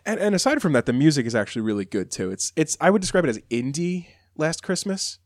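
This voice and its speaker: A man's voice: a little high, very animated, fast, dry recording, studio quality. A man co-hosting a podcast, chatting casually and enthusiastically about songs. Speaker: podcast co-host. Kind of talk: casual chat.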